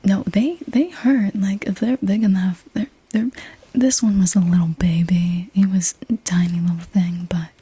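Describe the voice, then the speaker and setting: A woman's voice: mid-range voice, steady tone, normal speed, warm tone, slightly rough. A young woman telling a personal story in a whispered ASMR voice, casual and rambling, with the odd swear word. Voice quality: unvoiced whisper. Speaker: ASMR creator.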